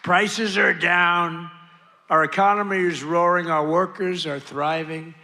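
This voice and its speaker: A man's voice: sits high, steady tone, unhurried, sharp tone. A man giving a political rally speech as president, boastful, repetitive and rambling. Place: outdoor or arena rally with a crowd. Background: faint crowd noise.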